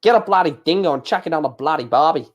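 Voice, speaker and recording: Man doing a mock Australian accent, cheery laid-back bloke, jokey slang, fairly high voice. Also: animated, quick pace, dull audio. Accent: put-on Australian. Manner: jokey, exaggerated slang, swearing.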